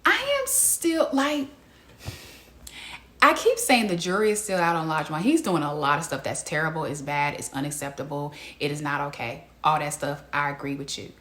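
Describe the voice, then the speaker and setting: A woman hosting a casual reality TV recap, talking to viewers in an animated, incredulous way and laughing often. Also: deep voice, moderate pace. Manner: laughs often mid-sentence. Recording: echoey room.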